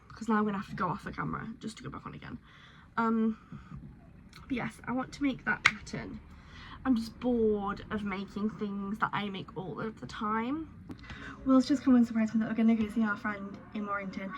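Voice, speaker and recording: A woman talks into the camera in a loose, candid vlog style, thinking aloud and filling gaps with ums. Her voice sits slightly higher than most women's. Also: vocal fry, slight background noise, rough recording. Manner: rambling and candid, many ums. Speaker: crochet vlogger. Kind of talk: casual vlog chat.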